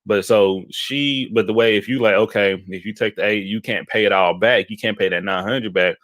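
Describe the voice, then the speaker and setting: A man from Houston, Texas, co-hosting a casual chat and telling animated, rambling anecdotes, often checking in with "okay?". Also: on the low side, moderate pace, no echo. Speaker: podcast co-host.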